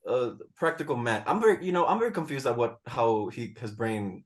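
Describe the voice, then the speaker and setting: A man's voice: medium pitch, expressive, fairly quick. A young man on a group podcast who rambles and trails off mid-thought. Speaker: podcast co-host. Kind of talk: casual group chat.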